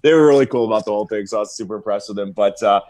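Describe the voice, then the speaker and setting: A man who is a firefighter and comedy video maker, chatting as a podcast guest, telling stories in a lively, laughing, slangy way. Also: on the low side, racing. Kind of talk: casual podcast interview.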